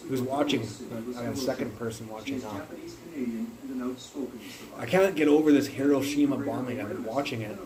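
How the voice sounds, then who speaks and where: A man's voice: mid-range voice, normal speed, long pauses, a loud crowd, poor audio. A man rambling through stories on a phone livestream, swearing and jumping between topics. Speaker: livestream host. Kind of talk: rambling casual livestream chat.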